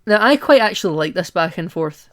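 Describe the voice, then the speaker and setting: A man's voice: sits high, expressive, fairly quick, fairly bright tone. A man co-hosting a podcast, chatting casually about a film, rambling and playful with many asides. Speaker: podcast co-host. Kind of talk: casual film-review chat.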